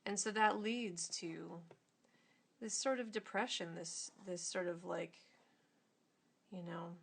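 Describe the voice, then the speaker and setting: A woman's voice: fairly low pitch, fairly even intonation, slow pace, gravelly, breathy edge. A woman casually explaining her drawing as she works, informal and rambling with many fillers. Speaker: illustrator and author.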